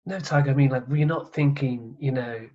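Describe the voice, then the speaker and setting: A man's voice: mid-range voice, brisk, a little mellow, close to an everyday voice. A man putting on an English accent to imitate a female TV interviewer asking probing questions, on muffled audio. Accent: English (put on).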